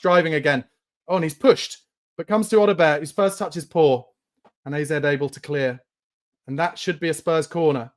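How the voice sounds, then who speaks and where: A man hosting a live fan watchalong, giving play-by-play and angry, swearing rants about his team. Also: a little high. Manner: angry, swearing, shouts in bursts. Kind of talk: live match reaction and commentary.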